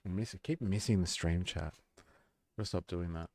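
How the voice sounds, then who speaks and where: Man, low-pitched, casual live-stream chatter, offhand, reads chat, dry mic. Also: normal speed, a little mellow, no room sound. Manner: offhand, swears, reacts to chat.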